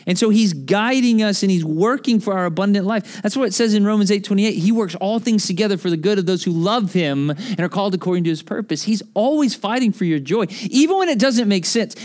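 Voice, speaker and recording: A man in his thirties preaching a sermon as pastor, conversational and animated, telling stories between scripture. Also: high voice.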